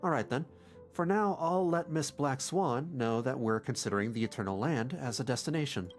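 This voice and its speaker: A streamer reading a reserved, nerdy young male crew member's lines in a plain, measured voice. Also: medium pitch, expressive, faint music behind, lightly acted. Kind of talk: reading game dialogue aloud.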